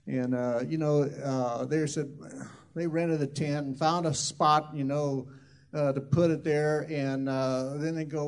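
A man's voice: on the high side, steady tone, measured pace, smooth. A man who is a minister, telling a loose, rambling testimony story full of asides.

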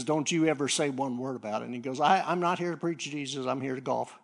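Storytelling preacher man, loud rising peaks. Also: medium pitch. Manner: halting, repeats words, clears throat. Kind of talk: sermon.

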